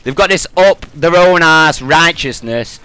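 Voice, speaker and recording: A man's voice: on the high side, animated, a little slow, pushed and bright, clear, resonant tone. A young British man in a gaming commentary rant, telling an angry, profane story.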